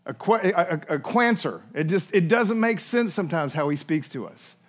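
A man delivers a sermon with lively energy. His voice sits high for a man, and he slips into little acted voices for the people he quotes. He keeps turning to his listeners with questions. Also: normal speed. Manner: animated preacher, acts out quoted voices, asks the listeners questions. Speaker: pastor.

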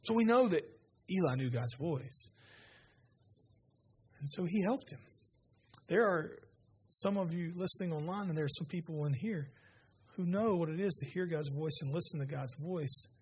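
A man preaching a sermon as pastor, retelling scripture with lively conversational asides to a church audience. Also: on the high side, moderate pace, pauses often, slightly rough. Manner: animated storytelling, conversational asides. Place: church sanctuary.

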